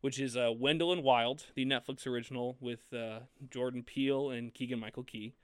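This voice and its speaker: A man co-hosting a film podcast in casual chat, animated and laughing often as he talks. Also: medium pitch, fairly quick, smooth, no echo. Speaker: podcast co-host.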